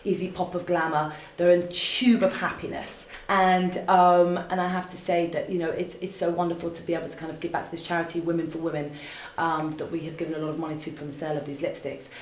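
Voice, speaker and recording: Gushing woman, low voice. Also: little pitch movement, fast talker, slight background noise. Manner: gushing and effusive, full of fillers and restarts. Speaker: beauty brand founder answering fan questions. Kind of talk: live-streamed makeup Q&A and demonstration. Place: office. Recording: roomy echo.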